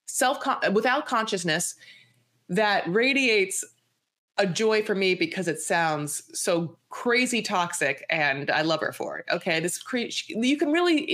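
Gossipy woman podcast co-host. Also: medium pitch. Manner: animated, gossipy, acts out quotes. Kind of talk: casual recap chat.

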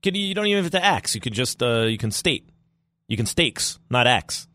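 A man from New York hosting a sports talk radio show, rambling in an animated way with quick asides. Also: medium pitch, no room sound.

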